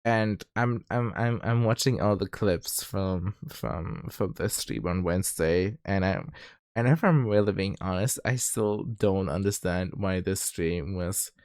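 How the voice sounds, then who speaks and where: A man's voice: sits low, measured pace, no room sound, clean studio sound. A man with a German accent and a slight lisp, chatting casually on a livestream, giggly and full of "like" fillers. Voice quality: slightly lispy. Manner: animated, giggly, many "like" fillers. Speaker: streamer. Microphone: streaming mic.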